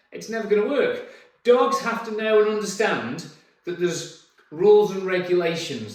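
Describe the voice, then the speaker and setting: A man who trains dogs, explaining his rules to the camera in an emphatic, repetitive way, and praising the dog in a coaxing sing-song. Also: high-pitched. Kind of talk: instructional talk to camera. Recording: very echoey, distant from the mic.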